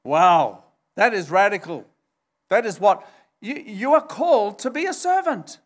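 Male pastor, higher-pitched voice, unhurried emphatic sermon delivery. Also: animated. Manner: emphatic, retells scripture with acted quotes.

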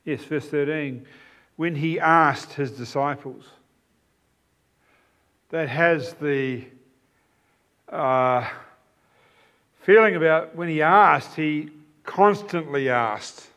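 A man's voice: on the high side, extremely slow, pauses often, a bit bright. A man preaching a sermon, explaining a passage with emphatic, repeated phrases.

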